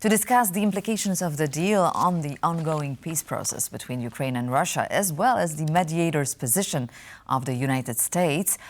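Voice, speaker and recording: A woman news anchor reading a scripted introduction and putting questions to a guest in a broadcast interview, with a measured delivery. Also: low voice.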